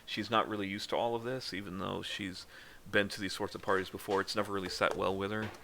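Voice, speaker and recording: A man's voice: lowish voice, level tone, fast, vocal fry, bright, forceful tone, a little hiss or hum. A tired man narrating as game master in a casual tabletop session, rambling and laughing often.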